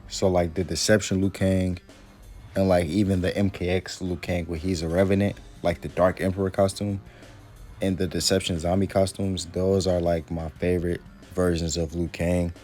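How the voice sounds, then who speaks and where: A man with a very low, deep voice chats casually to his viewers, rambling loosely with plenty of fillers. Faint music plays underneath. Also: flat delivery, moderate pace, a little mellow. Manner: laid-back, rambling, lots of fillers. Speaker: YouTuber. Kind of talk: casual video commentary.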